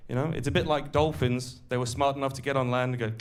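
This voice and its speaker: A man's voice: medium pitch, fairly even intonation, fast, slight background noise. Conversational male stand-up comic. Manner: conversational, crowd-work asides. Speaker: stand-up comedian. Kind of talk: stand-up comedy set. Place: comedy club stage.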